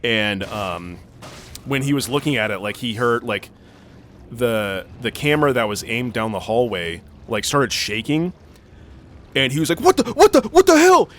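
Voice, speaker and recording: He speaks at a measured pace in a medium-pitched, fairly bright voice. As co-host of a gaming channel, this young man plays while rambling through a long, sweary story riddled with fillers, in laid-back let's-play fashion.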